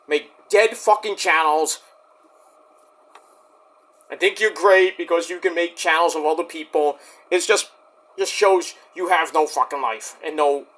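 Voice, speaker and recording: A man speaks straight to the camera in a rambling vlog rant, his voice sitting high for a man. He is indignant and defensive, repeats himself, restarts his sentences and swears freely at the people who doubt him. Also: fairly bright tone. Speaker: YouTube wrestling reviewer. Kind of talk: ranting vlog address to critics.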